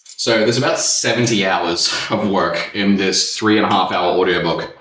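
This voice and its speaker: A man's voice: sits low, normal speed, recorded from a distance. A man, chatting casually and rambling a little as a podcast host. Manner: relaxed, rambling storyteller. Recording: echoey room, a bit off-mic.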